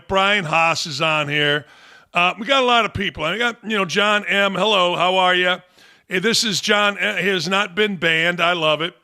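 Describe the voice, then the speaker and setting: A man's voice: high-pitched, gravelly, bright, forceful tone. An older man hosting a live fan Q&A stream, talking in a brash, profane, rambling way and telling stories. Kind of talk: casual live-stream chat.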